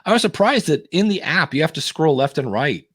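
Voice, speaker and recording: A man's voice: fairly high pitch, lively intonation, brisk, a bit bright, husky, dry recording, studio quality. A man co-hosting a live podcast in casual chat, rambling and joking as he reads out viewer questions. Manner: rambling, jokey, self-interrupting. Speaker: podcast co-host.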